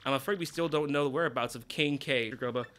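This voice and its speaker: A man voicing a reserved, formal female manager, speaking low and quietly. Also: fast talker, lightly acted.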